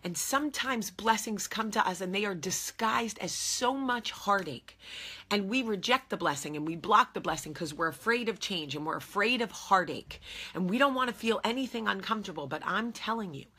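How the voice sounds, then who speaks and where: Forceful, husky-voiced woman in her forties. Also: mid-range voice, expressive, normal speed. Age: 40s. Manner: earnest and emphatic, repeating key phrases. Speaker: vlogger speaking to her viewers. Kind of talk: heartfelt casual talk to camera.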